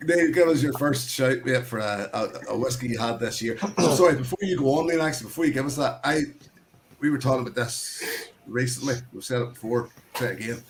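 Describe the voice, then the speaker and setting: A man's voice: medium pitch, fairly quick. Northern Irish man, casual host, rambling, laughs a lot, video call, faint hiss. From Northern Ireland. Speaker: host of online whisky tasting.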